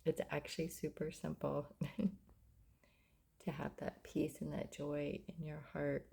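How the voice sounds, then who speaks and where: Low gravelly woman, soft and heartfelt. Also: completely flat delivery, a little slow. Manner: soft, drifting into whispers, laughs often. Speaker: mother sharing reflections. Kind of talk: casual heartfelt vlog talk.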